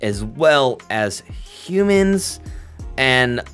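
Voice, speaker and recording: A man's voice: mid-range voice, big pitch swings, very slow, a bit bright, soft background music, pitched above the performer's own voice, full character voice. A man voicing a smug, menacing male vampire prince who drawls folksy, mock-friendly threats. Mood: scolding.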